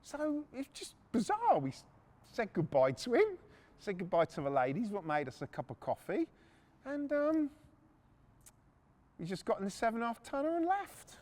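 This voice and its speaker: Lively man telling stories. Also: very high voice, moderate pace. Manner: blunt, swears freely, laughs while telling. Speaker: podcast host. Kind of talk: casual anecdotal storytelling.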